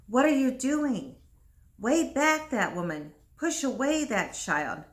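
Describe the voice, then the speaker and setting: A woman reading aloud and voicing a bitter, desperate old man who speaks in an urgent hushed tone. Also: a little high, lively intonation, slow pace, pitched above the performer's own voice. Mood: urgent menace. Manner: urgent, hissing whisper.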